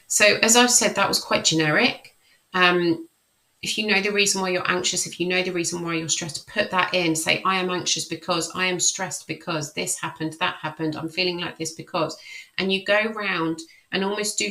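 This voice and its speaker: A woman guiding a self-help tapping session, with a bright, clear edge to her voice and a gravelly fry underneath. She repeats slow affirmations and then walks listeners through the method in a friendly, explaining tone. Her voice sits slightly low. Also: rough recording. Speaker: life coach leading a tapping session.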